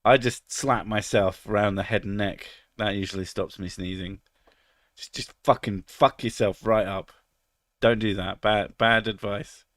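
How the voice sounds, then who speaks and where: Low-voiced man joking with chat. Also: steady tone, unhurried, a bit bright, no echo, studio quality. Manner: crude, joking, reads out chat. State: has a cold, about to sneeze. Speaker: streamer. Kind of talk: casual live-stream chat.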